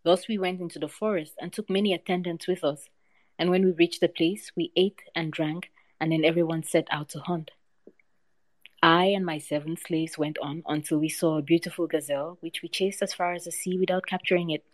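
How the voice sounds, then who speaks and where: A woman's voice: lowish voice, fairly even intonation, fairly quick, no echo, close to an everyday voice. A woman reading the part of a young sultan's son who recounts his adventures in a storybook tale.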